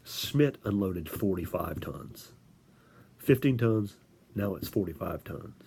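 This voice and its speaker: A man giving an informal lecture, halting, with frequent restarts and filler words. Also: low-pitched, creaky, breathy edge. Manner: animated storytelling with acted-out quotes.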